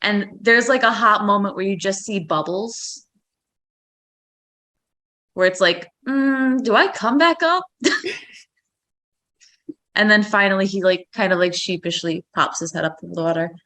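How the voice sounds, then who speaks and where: A woman player in a tabletop game, telling her character's actions haltingly and with giggles. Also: medium pitch, steady tone, bright, forceful tone. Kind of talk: casual tabletop play.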